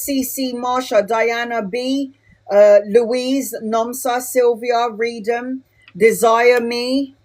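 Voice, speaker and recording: A woman reading tarot live for her viewers, talking straight to them in a blunt, chatty way. Her voice sits a little high for a woman, and she drops in casual swearing while she gives advice. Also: a little hiss or hum. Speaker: tarot reader.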